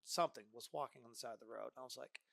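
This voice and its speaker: Casting: male podcast guest, lively storyteller, dry close mic. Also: medium pitch, rapid-fire, gravelly, dry recording. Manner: animated, acts out dialogue, frequent "right?". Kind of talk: casual storytelling.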